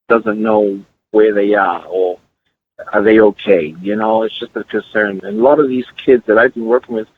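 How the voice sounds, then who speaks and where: A man's voice: lowish voice, slight background noise. A middle-aged man, a guest musician, telling stories emphatically and repeating words as he builds his point, heard over a tinny line. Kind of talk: earnest storytelling in conversation.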